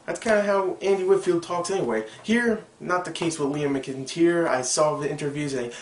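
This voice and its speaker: A young man casually reviewing a TV episode, rambling and excitable, with lots of fillers and side remarks. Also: a little high, normal speed. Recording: echoey room with faint background noise.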